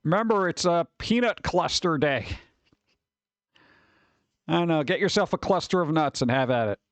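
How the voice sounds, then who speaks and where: Male streamer, higher-pitched, rambling casual chat, dry sound. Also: expressive, normal speed, no room sound. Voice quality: scratchy vocals at times. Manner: rambling, wry, reacts to chat and pictures.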